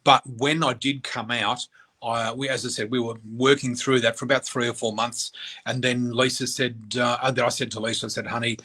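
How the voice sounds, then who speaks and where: Candid man with a bright voice. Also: mid-range voice, level tone, brisk. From Australia. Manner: emotional, candid, acts out quoted voices. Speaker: interview guest. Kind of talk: personal storytelling.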